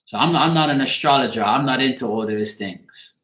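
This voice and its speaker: A man's voice: mid-range voice, brisk, fairly bright tone, roomy sound. A man hosting a casual livestream as a card reader, rambling and joking with some profanity. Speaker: card reader and channel host.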